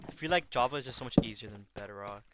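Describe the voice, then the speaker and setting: A man's voice: mid-range voice, fast. A young man rambling casually while playing a game on stream, often restarting his sentences as he thinks aloud. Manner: rambling, self-correcting, talks while playing. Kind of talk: casual gaming stream chat. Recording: loud background noise with clicks.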